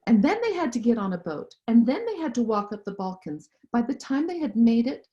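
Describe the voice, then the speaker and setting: A woman living in Central Europe speaks as an interview guest in an earnest, impassioned way. Her warm voice sits on the high side, swinging widely in pitch at a fairly quick pace, though the audio is dull and muffled.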